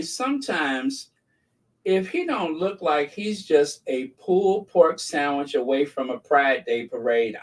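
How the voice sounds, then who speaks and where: A man's voice: a little high, distant mic, poor audio. A man hosting a casual gossip commentary, rambling and mocking, who often laughs at his own jokes. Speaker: channel host.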